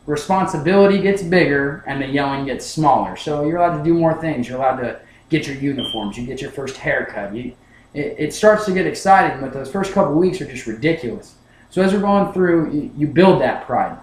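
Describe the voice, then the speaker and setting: A man's voice: medium pitch, reverberant, rough recording. A young man giving a class speech, telling a personal story, often repeating words as he restarts his sentences. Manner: storytelling with many restarts, acts out his past self. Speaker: student speaker.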